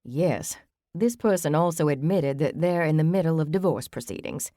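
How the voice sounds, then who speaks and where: A woman reads as a theatrical, attention-loving man sharing a snarky list with his friends, his delivery hammy and dry-sounding. It is an audiobook character voice, close and low-pitched. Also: expressive, moderate pace, mellow, dry recording. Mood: amused. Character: chatty showman man reading aloud to friends.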